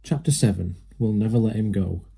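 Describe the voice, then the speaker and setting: A man narrating a children's storybook aloud with a steady, lively manner. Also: fairly low pitch, a little fast, gravelly, slightly rough. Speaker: reader.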